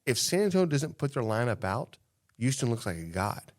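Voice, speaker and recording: A man's voice: mid-range voice, big pitch swings, fairly quick, a little mellow. A man co-hosting a podcast, talking in an emphatic, rambling way with restarts. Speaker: podcast co-host. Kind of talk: casual chat.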